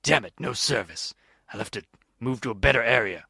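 A man playing Spider-Bat, a gravelly melodramatic hero. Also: medium pitch, fairly quick, sharp tone, no echo, studio quality, full character voice. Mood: heroic. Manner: gruff, melodramatic hero bravado. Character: earnest, pompous masked crimefighter. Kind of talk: comedy radio play.

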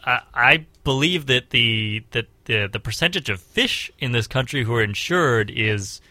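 Deadpan young man on college radio. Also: medium pitch, unhurried, no echo. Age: young adult. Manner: dry, deadpan jokes with small stammers. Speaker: student radio co-host. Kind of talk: casual comedic radio banter.

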